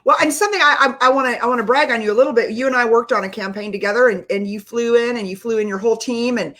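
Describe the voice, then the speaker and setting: A woman's voice: fairly high pitch, rapid-fire, a bit bright. Enthusiastic woman interview host. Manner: enthusiastic, long winding questions with fillers. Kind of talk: casual interview.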